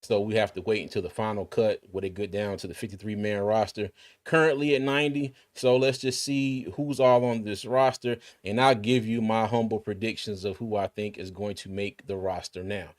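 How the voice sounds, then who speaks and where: Laid-back man, low voice. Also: steady tone, moderate pace. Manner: laid-back, chatty, many fillers and restarts. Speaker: sports podcast host. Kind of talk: casual live-stream chat.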